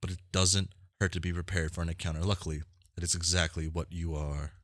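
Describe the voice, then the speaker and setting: A man's voice: deep voice, level tone, fast, no echo, clean studio sound. A man casually reading a webcomic aloud with rambling, self-mocking asides, stumbling over names. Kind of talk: casual read-along with commentary.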